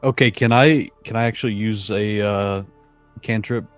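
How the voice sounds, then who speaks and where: A man's voice: fairly low pitch, fairly even intonation, normal speed, smooth, soft background music. Hesitant male player at a tabletop game, thinks aloud. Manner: hesitant, many restarts and fillers. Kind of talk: casual chat during a tabletop game.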